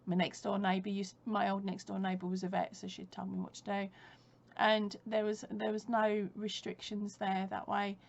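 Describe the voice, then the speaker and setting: A crochet vlogger talks casually from home in a gravelly, monotone mid-range voice at a moderate pace. She rambles, laughs often and keeps correcting herself. The audio has its highs cut off.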